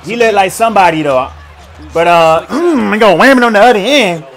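A young man giving casual, slang-heavy play-by-play reaction to basketball highlights, stammering, repeating himself and laughing as he hypes the plays. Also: expressive, brisk. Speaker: sports reaction host.

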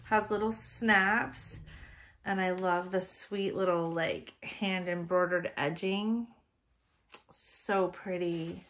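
A woman hosting a doll-collecting vlog, opening a gift box, gushing and emotional, close to tears, with sighs and soft laughs between words. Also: fairly low pitch, steady tone, slow. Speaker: reborn doll channel host.

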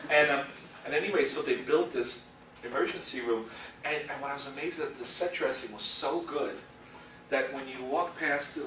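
A middle-aged man speaks in a sharp, mid-range voice at normal speed during a casual guest lecture about his work as an animation storyboard artist. Rambling through anecdotes, he laughs often and acts out quotes. The school lecture room is echoey, the mic distant, and faint hiss is audible.

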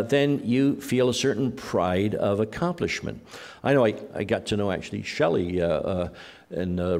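A middle-aged man preaching a conversational sermon as a pastor, telling anecdotes in a halting way with frequent pauses. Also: lowish voice, gravelly, darkish tone.

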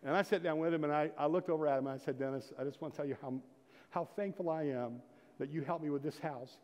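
A man's voice: a little high, quick pace, a little mellow. A middle-aged man preaching a sermon as pastor, telling folksy stories and building to emphatic exhortation. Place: church sanctuary. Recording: long reverb of a church hall.

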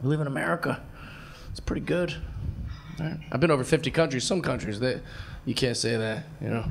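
A man performing stand-up comedy on a club stage, telling stories with animated, mocking voices and a self-assured delivery. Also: medium pitch, fairly quick, vocal fry. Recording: loud crowd noise, club ambience.

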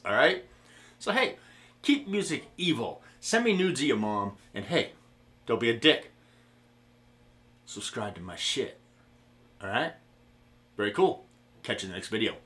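A man's voice: mid-range voice, lively intonation, a little slow, pauses often, pushed and bright. Profane rambling guitar vlogger man. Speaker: gear demo host. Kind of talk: casual pedal demo vlog. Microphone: guitar-cab recording setup, camera mic.

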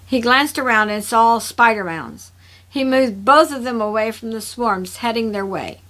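A woman reads her own fantasy story aloud with expressive narration. Her voice is bright and fairly high in pitch. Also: measured pace, rough recording. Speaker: author reading her story. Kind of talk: story reading.

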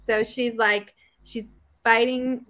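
Woman, slightly high voice, chatty storyteller, casual co-host chat. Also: slow. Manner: chatty, storytelling, animated retelling. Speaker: co-host of writing livestream.

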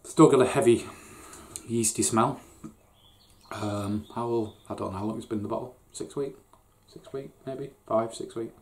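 A man's voice: mid-range voice, fairly even intonation, normal speed, long pauses, darkish tone. A middle-aged man chatting casually and swearing as he unboxes home-brewing gear, rambling and poking fun at himself. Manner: rambling, sweary, self-mocking. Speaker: home brewer, channel host. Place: garden brew shed. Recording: echoey room, distant mic.

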